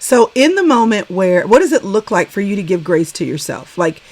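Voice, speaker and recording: A woman in her forties hosting a casual conversation over a video call, affirming and quick to laugh. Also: mid-range voice, very animated. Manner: warm, affirming, laughs often. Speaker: host.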